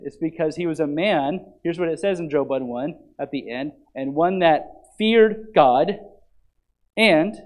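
Guy teaching a bible lesson, fairly high voice, earnest and emphatic, keeps repeating himself to drive it home. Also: darkish tone.

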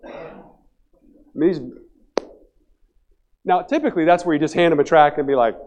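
A male pastor telling a story from the pulpit, swinging from excited bursts to hushed, quiet passages. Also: fairly high pitch, moderate pace, long pauses. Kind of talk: storytelling sermon. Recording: dull lo-fi sermon recording.

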